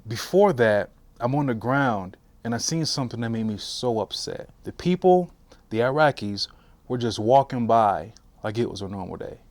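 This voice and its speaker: Man, 40s, veteran, oral history interview, halting, restarts a lot, mid pitch, dry close sound. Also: no echo. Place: interview room.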